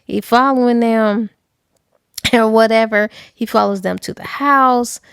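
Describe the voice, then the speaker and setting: A woman recapping a novel in a casual, animated, slangy storytelling style. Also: on the high side, unhurried, vocal fry, smooth, no room sound, studio quality. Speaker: book reviewer. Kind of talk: casual book review recap.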